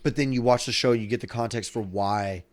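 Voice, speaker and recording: A man's voice: medium pitch, a little fast. A man hosting a podcast in casual chat, rambling and swearing freely. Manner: rambling, profane, many restarts. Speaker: podcast host.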